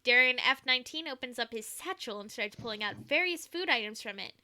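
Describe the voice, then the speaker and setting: A woman's voice: on the high side, lively intonation, brisk, bright, forceful tone. A woman streaming a game, reading it aloud and chatting in a playful manner. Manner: playful, laughs easily. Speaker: streamer reading a visual novel.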